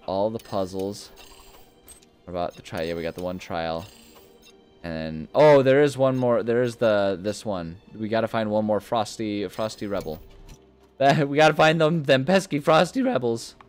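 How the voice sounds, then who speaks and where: A young man commenting casually while playing a video game, rambling and easily amused, often breaking into high-pitched laughter. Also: animated, normal speed, faint music behind. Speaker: gaming video host. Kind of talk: casual let's-play commentary.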